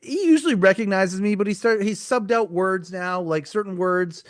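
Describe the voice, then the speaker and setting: A man's voice: high voice, moderate pace, dry recording, studio quality. A middle-aged man, hosting a podcast in casual chat, joking and candid, laughing often. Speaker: podcast host.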